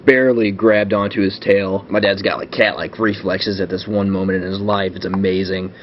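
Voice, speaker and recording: A man's voice: deep voice, flat delivery, normal speed. A young man casually telling a home story with lots of fillers and restarts. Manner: rambling, filler-heavy, self-correcting. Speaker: vlog host. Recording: dull lo-fi webcam audio with faint hiss.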